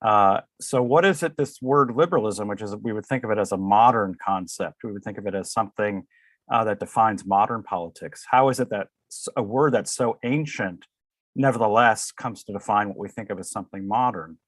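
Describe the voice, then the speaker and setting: A man from Connecticut, a political science professor, answering interview questions over a remote connection in a measured, lecturing way. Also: lowish voice, dry recording. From Connecticut, USA. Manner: measured, lecturing, with frequent uh fillers. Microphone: remote video call.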